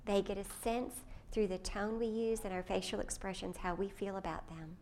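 A woman speaks to a room of mothers. She tells a family story and grows animated when she quotes her younger self, over faint background noise. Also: mid-range voice, moderate pace. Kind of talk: personal talk to mothers.

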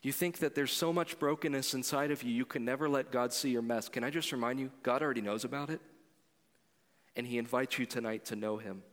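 A pastor preaching a sermon in a conversational way, moving between loud appeals to the congregation and quiet storytelling. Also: male voice, medium pitch, fairly quick, long reverb tail.

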